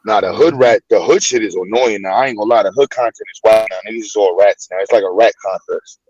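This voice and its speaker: A man talking quickly in a husky, slightly low voice during a casual chat. He is blunt and excitable and heavy on slang. The sound is dry and close. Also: no echo, lo-fi sound.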